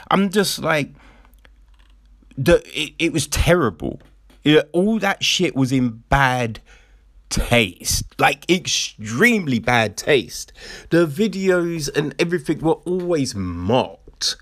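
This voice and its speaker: A man's voice: fairly high pitch, sing-song, slow, no room sound, studio quality. A man in casual, profane commentary, ranting sarcastically and mocking the people he talks about.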